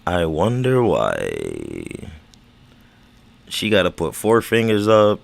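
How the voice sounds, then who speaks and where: Casting: slurring, stuttery man with a lowish voice, loose rambling livestream chat, casual cursing. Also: huge pitch swings, slow, gravelly. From United States. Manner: stammering, repeats words, swears casually. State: slurring speech. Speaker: livestream host.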